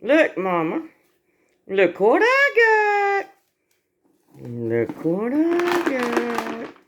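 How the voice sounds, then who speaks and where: A woman's voice: on the high side, wildly swooping pitch, slow pace, a little mellow, a faint crowd, a little hiss or hum, heavily acted. A woman voicing a cute pet calling her Mama. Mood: proud.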